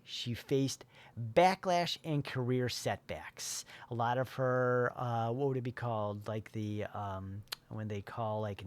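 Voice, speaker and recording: A man in his forties or older, a life coach giving a loose, filler-heavy motivational talk with many restarts. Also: lowish voice.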